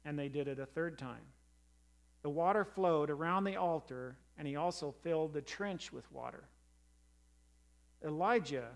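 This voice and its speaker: A man's voice: on the high side, gravelly. Earnest male preacher reading scripture. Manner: measured, earnest reading with slowed emphatic quotes. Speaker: pastor.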